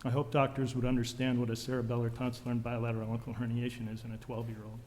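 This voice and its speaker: A man's voice: medium pitch, completely flat delivery, very fast, a little mellow, slight background noise. A man testifying at a legislative hearing, intense and accusatory, firing off medical jargon. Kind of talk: public testimony. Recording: long hall reverb.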